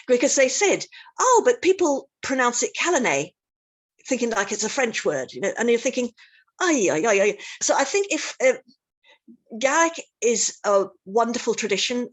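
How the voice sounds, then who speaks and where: A woman lecturer answering questions in an online talk, thoughtful and hesitant, with many fillers and restarts. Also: mid-range voice. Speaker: guest lecturer. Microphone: video call.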